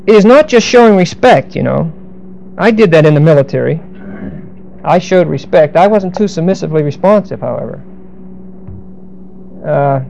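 A man's voice: on the high side, creaky, a little mellow, muffled recording, a little hiss or hum. A middle-aged man preaching a verse-by-verse sermon, explaining Greek grammar with asides and dry humor. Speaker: pastor.

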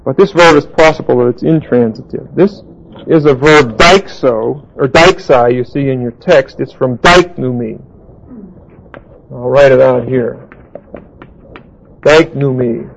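Gravelly man teaching Bible Greek. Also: medium pitch, poor audio. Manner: deliberate, explanatory, spells out Greek words, writes on a board. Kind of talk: Bible study lecture.

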